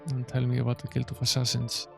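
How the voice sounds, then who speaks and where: A man voicing a stern male temple priest of high office, making grave, formal pronouncements as he reads game dialogue aloud. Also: completely flat delivery, fast, gravelly, soft background music.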